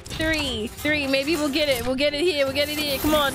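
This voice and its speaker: A young woman streamer giving excitable gaming commentary, shrieking and swearing as loot comes up. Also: high voice, moderate pace. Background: background music.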